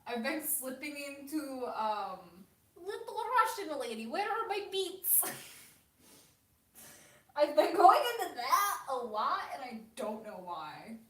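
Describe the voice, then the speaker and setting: A woman hosting a livestream, chatting casually and laughing often, with a self-deprecating manner and some vocal fry. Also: high voice, big pitch swings, slow, fairly bright tone, echoey room, recorded from a distance. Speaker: livestream host. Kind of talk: casual chat.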